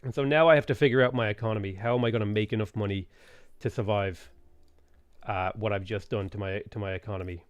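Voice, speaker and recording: A man streaming a strategy game live, thinking aloud in a relaxed way with frequent ums. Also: lowish voice, fast, no echo. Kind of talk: live gameplay commentary.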